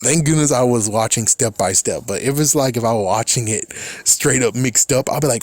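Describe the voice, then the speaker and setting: A man's voice: medium pitch, normal speed, dry recording. Exasperated man swearing through a recap. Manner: swears often, exasperated, loud outbursts. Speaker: reaction commentator. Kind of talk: casual recap and reaction.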